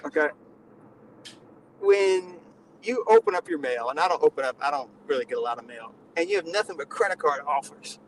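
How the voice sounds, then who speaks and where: A man's voice: a little high, sing-song, fairly quick, slight background noise, poor audio. A man with a nasal voice, lecturing in a mock-condescending way during a casual comedic panel chat.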